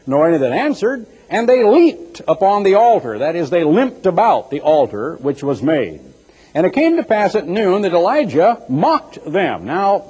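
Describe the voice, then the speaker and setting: A man preaching a sermon in an animated, teasing way, acting out mocking voices as he goes. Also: on the high side, slightly rough. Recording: echoey hall with long reverb.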